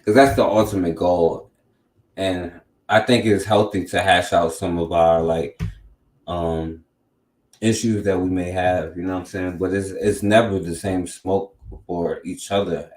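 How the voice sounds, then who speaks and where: A man with a very deep voice hosts a casual talk show, rambling loosely and tagging many of his sentences. His voice rings around an echoey room. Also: steady tone, measured pace. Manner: loose and rambling, lots of filler tags. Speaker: podcast host. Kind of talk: casual commentary.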